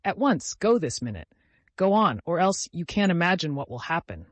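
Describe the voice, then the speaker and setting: Brief: male narrator playing a furious, humiliated gentleman, high and loud, shouting at a servant, dry studio sound. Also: lively intonation, moderate pace, no echo. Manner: shouting, agitated, repeating himself.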